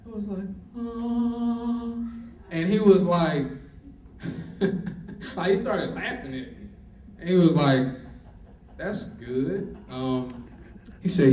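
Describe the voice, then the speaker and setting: A man's voice: high-pitched, measured pace, pauses often, a little hiss or hum. Storytelling man speaking in an echoey hall. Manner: animated storytelling, acting out both sides of conversations. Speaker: motivational speaker. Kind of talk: motivational talk to students. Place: college auditorium. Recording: echoey hall recorded from far off.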